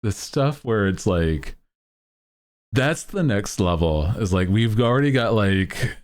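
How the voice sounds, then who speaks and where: A man's voice: lowish voice, expressive, takes it slowly. A man streaming, chatting casually and laughing often as he rambles.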